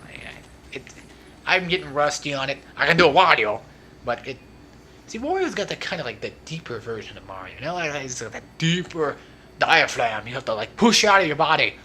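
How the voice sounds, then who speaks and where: A man's voice: mid-range voice, big pitch swings, a little fast, pushed and bright, slight background noise. A young man rambling through casual gameplay commentary as a let's play host, talkative and self-mocking. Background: faint game music.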